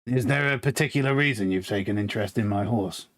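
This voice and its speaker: A man's voice: lowish voice, fast, voice pushed down, close to an everyday voice. Man doing a wary, curt horse owner NPC; dry questions, no fuss.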